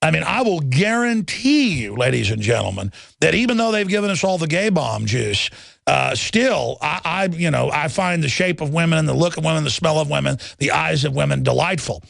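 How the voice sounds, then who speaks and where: Gravelly, combative radio talk host. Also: male voice, a little high, lively intonation, brisk, a bit bright, no echo, faint music behind. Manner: combative, mocking, swerves into sneering impressions of critics. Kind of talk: rambling political radio monologue. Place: radio studio.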